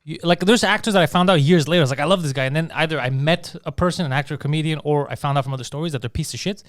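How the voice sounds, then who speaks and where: Casual podcast co-host, man, rapid profane rant, slightly higher voice, crisp. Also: dry recording, studio quality. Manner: rapid, profane ranting with lots of restarts. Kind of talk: casual comedy podcast chat.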